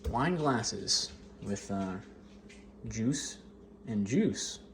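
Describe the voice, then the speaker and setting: A man's voice: lowish voice, animated, extremely slow, a little hiss or hum. A man casually vlogging at home in his kitchen, rambling, joking and teasing his dogs as he works.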